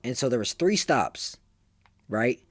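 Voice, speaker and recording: A man's voice: medium pitch, lively intonation, slow, dry recording, clean studio sound. An eighteen-year-old man telling stories casually, rambling and full of fillers. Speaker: vlogger. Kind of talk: casual storytelling.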